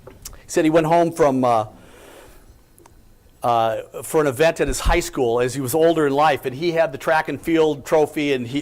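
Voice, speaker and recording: A man giving an inspirational talk, telling his own story with emphatic rhetorical questions. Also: a little high. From United States. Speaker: company president giving a talk. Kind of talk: inspirational speech.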